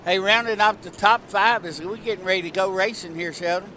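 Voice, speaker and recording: High-voiced folksy race announcer. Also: male voice, fairly quick, slight background noise. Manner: folksy, excitable, rambling with many fillers. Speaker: race commentator host. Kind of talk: live sim racing play-by-play.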